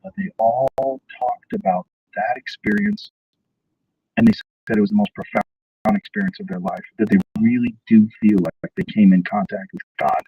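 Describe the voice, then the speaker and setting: A man's voice: fairly low pitch, animated, normal speed, creaky, far from the mic, highs cut off. Thoughtful man a bit off-mic. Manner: thoughtful, questioning. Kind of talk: casual conversation. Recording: voice a bit off-mic, faint noise.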